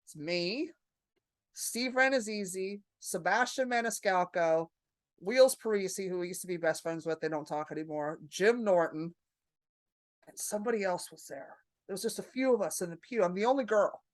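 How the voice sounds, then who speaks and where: Animated, profane woman comedian telling stories. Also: mid-range voice, moderate pace, no room sound, clean studio sound. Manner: animated, profane, acts out her own panic. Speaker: comedian guest. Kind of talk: casual podcast storytelling.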